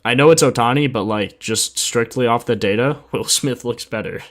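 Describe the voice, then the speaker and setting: His voice is medium in pitch and his pace moderate. The clip has him hosting a sports betting livestream, sleepy after just getting up, laid-back and slangy as he reads stats aloud and fields chat questions.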